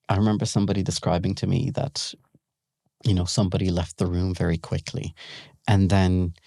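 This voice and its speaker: A middle-aged man from the Gulf region tells stories as a podcast guest, animated and quick to laugh as he acts out what people said. His voice sits fairly low with a mellow, warm tone. The sound is close and dry. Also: dry recording. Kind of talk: casual storytelling.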